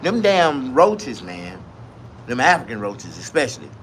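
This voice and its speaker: Animated, profane man telling a story. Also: mid-range voice, unhurried, slight background noise. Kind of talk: comic storytelling rant.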